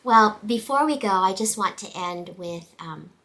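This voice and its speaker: A middle-aged woman teacher chatting on her show with a bright, forceful tone. She sounds enthusiastic and talkative, sharing classroom stories. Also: mid-range voice, animated, unhurried, poor audio. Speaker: teacher and podcast host. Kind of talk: casual chat.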